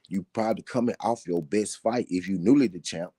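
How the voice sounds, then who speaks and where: Deep, dark-voiced man talking boxing. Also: slightly rough, no room sound. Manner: emphatic, repeats points slowly for effect. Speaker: boxing talk show host. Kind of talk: casual boxing commentary.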